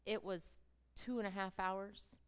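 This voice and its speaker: A woman's voice: medium pitch, fairly even intonation, a little slow, clear, resonant tone. A middle-aged woman giving a personal testimony to a women's gathering on stage, telling her story with feeling and acting out the dialogue. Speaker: speaker addressing a women's gathering. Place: stage presentation with slides.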